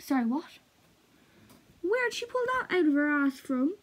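A young woman chatting casually to the camera, excitable and giggly, slipping between bubbly chatter and hushed asides. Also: sits high, a little slow, poor audio. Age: young adult. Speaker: art student vlogger.

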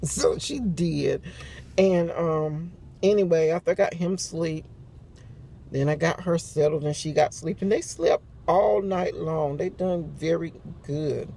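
A woman's voice: low voice, unhurried, gravelly, warm tone, breathy edge. An older woman in a casual morning chat vlog, telling chatty stories, acting out what people said and laughing often. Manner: chatty storyteller who acts out quotes. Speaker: vlogger.

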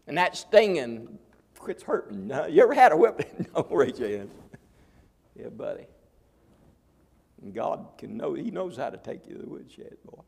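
A pastor preaching in a folksy way, with a gravelly, husky voice pitched a little high. His pitch swings widely, and he drops to near-whispers before climbing into loud, ringing peaks. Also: big pitch swings, moderate pace, long pauses. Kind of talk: sermon.

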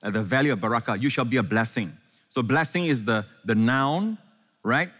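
A man's voice: medium pitch, animated, a bit bright. Male pastor, mid-range voice, engaging call-and-response sermon, recorded in a reverberant church hall. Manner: engaging, quizzes the congregation with quick questions. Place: large church hall before a congregation. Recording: echoey hall.

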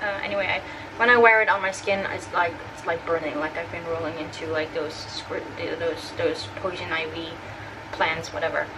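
A woman's voice: fairly low pitch, steady tone, normal speed. A young woman hosting her sewing channel, chatting casually to camera in her attic workshop, rambling with lots of fillers and self-corrections. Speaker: sewing and costume channel host. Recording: distant mic with air conditioner hum. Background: air conditioner running.

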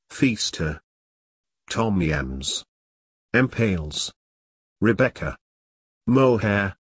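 A man reads a vocabulary list one word at a time, leaving a pause after each. His voice is low and husky, and his pitch moves freely between words. The delivery is very slow and the sound is dry and close. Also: no room sound. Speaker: vocabulary reader. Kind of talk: reading a word list aloud.

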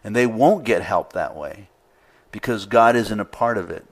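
A man's voice: lowish voice, normal speed. A male pastor preaching a sermon in an easygoing conversational way, reading scripture aloud with rising emphasis.

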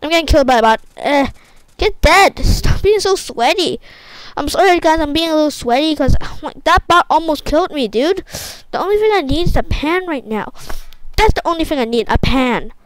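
A young woman commentating her own gameplay, excitable and repetitive, often exclaiming. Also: high voice, a little fast, no room sound, rough recording. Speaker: gaming YouTuber.

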